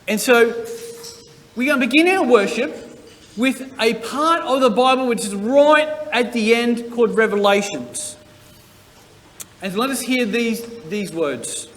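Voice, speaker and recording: A man's voice: very high voice, lively intonation, unhurried, fairly bright tone. A man leading a children's church service, reading scripture and playfully teaching song actions. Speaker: church worship leader. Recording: church hall with long reverb.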